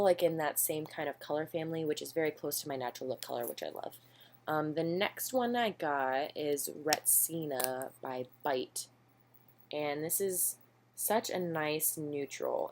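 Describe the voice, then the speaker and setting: A woman's voice: low voice, a little mellow, slight background noise. A young woman chatting casually through a makeup haul at home, rambling and self-deprecating with lots of ums. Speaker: beauty vlogger. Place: home, indoors.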